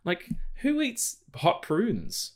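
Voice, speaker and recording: A man's voice: fairly low pitch, normal speed, fairly bright tone. A man, co-hosting a casual film podcast, rambling with lots of fillers and restarts. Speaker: podcast co-host.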